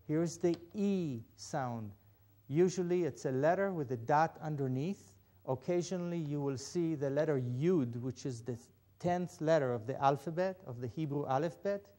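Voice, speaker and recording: A man teaching a Biblical Hebrew lesson, patient and deliberate, spelling out each step. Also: a little high, darkish tone. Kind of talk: slow instructional lesson.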